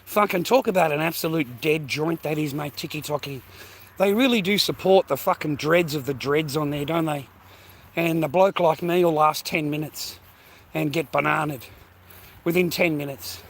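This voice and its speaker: A man's voice: a little high, normal speed. A man with an Australian accent, vlogging outdoors while walking, talking in a rambling, profane, slangy way and sounding slightly out of breath. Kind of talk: casual walking vlog rant. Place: outdoors on foot.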